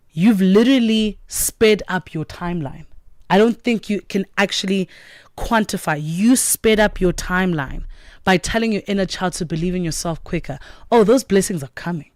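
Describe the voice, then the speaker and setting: A woman's voice: on the low side, dry recording. Effusive woman radio host, dry studio. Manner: effusive, animated, motivational. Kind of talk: morning radio chat.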